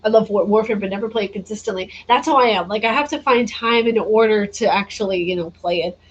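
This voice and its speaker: A woman's voice: medium pitch, fast, slightly rough, dull audio. A tired woman chatting casually on a gaming livestream, reading and answering viewer comments and laughing often. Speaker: gaming streamer.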